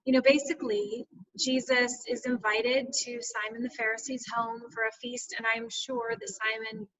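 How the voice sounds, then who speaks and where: A woman author speaks in a bright, slightly high voice, earnest and reflective, with plenty of "you know" fillers. She sounds a little far from her mic, as on a video call. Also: level tone, normal speed, a little hiss or hum. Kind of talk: reflective personal storytelling in an interview. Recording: distant video call audio.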